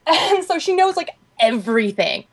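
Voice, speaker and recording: A young woman co-hosting a casual podcast chat. Her voice sits slightly high and swings up and down lively. She tells stories in a chatty, animated way that is full of fillers. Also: slow pace. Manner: chatty, animated storytelling with frequent "like". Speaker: podcast co-host.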